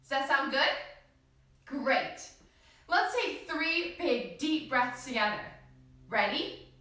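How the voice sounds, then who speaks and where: A woman leading a children's yoga class, gently encouraging the kids and asking them questions as she guides their breathing. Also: high-pitched, expressive, slow pace. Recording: very echoey room from a distance.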